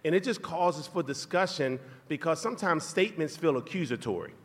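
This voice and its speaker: A man's voice: fairly high pitch, a little fast. Man telling a story, hall reverb. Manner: laughing, animated storytelling. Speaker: podcast co-host. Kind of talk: live podcast storytelling. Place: live tour venue.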